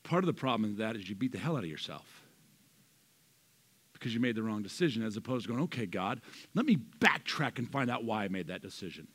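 A man preaching as pastor of a church, swinging from loud emphatic lines to soft quiet asides. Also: lowish voice, big pitch swings, fast. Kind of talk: sermon.

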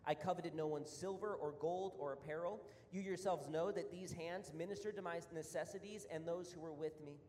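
A man's voice: on the high side, fairly even intonation, normal speed, hardly any pauses, a little mellow. An earnest male pastor delivering a sermon with a slightly raised voice. He builds to emphatic, repeated points and sounds a little out of breath. A long hall reverb trails his words, with a faint hum beneath. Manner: earnest, rising to emphatic repetition.

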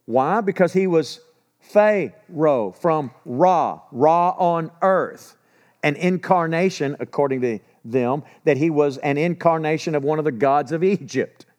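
A man's voice: a little high, measured pace, darkish tone. A man preaching a sermon, retelling scripture casually and acting out the dialogue.

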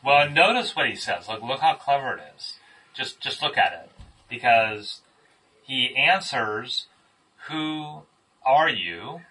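A man's voice: mid-range voice, lively intonation, measured pace, bright, forceful tone, slightly rough, recorded from a distance, low-quality recording. A man leading a group Bible study, asking questions and praising the answers he gets. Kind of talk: interactive Bible study teaching.

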